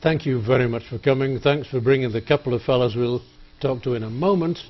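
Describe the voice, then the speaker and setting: A man's voice: medium pitch, muffled recording. Chatty man hosting a studio show. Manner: chatty, joking, halting with fillers. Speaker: TV show host. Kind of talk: public-access studio interview. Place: TV studio table.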